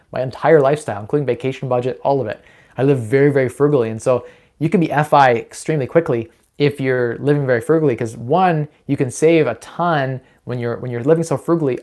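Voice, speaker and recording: Fast-talking young man on a live Q&A. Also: medium pitch, darkish tone. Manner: upbeat, quick and persuasive, with many fillers and restarts. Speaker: host of a live Q&A on personal finance. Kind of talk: casual live-stream Q&A.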